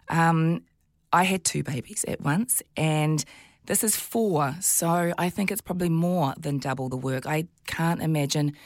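A New Zealand woman in her forties, a guest on a talk show, telling her own story in an animated way and jumping up in pitch when she quotes herself. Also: no echo, studio quality. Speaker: guest, TV presenter and mother of twins. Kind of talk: candid interview chat.

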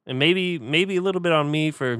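A man co-hosting a casual comedy podcast, cracking deadpan, absurd jokes. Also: on the high side, a little fast, clear, resonant tone, no echo, clean studio sound. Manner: deadpan, absurd joking with a laugh. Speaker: podcast co-host.

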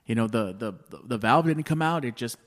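A man in his thirties with a twang rambles through a story in a relaxed podcast chat. He curses freely, restarts his sentences and keeps tossing in "dude". His voice sits at an ordinary middle pitch. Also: brisk. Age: 30s. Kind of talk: casual chat.

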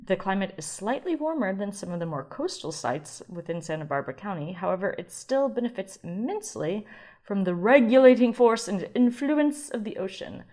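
A woman's voice: mid-range voice, sing-song, normal speed, warm tone. A woman hosting her own wine podcast, with a chatty, rambling delivery and self-deprecating asides. She talks casually, as if to friends, and breaks off now and then to correct herself. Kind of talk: casual solo podcast chat.

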